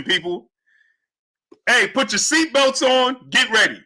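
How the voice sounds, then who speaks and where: A man's voice: very high voice, a little slow. A man hosting a live boxing talk stream, greeting chatters by name and hyping his audience. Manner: animated, hypes the audience, shouts out chat names. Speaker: boxing show host. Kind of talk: livestream commentary reading chat.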